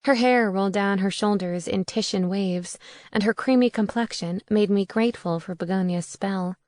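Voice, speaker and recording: A woman's voice: mid-range voice, moderate pace, a little mellow, no echo. A woman narrating a first-person audiobook in a wry, conversational way on a close studio mic.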